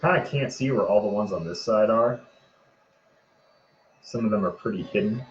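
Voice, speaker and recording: A man hosting a prop-making livestream, chatting casually in a low-key, self-described monotone as he works. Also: normal speed, a little hiss or hum. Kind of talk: casual livestream chat while crafting. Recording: roomy, dull lo-fi sound.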